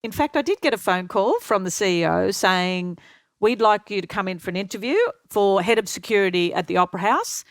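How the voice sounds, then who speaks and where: Older woman telling lively stories. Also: medium pitch, a little fast, no echo. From Australia. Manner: lively anecdotes, acts out quoted voices. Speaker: interview guest. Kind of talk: storytelling interview.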